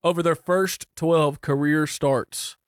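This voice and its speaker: Deadpan man reading stats, dry sound. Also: fairly high pitch, takes it slowly, no room sound. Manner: deadpan, reads stats methodically. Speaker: podcast co-host. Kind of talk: casual chat.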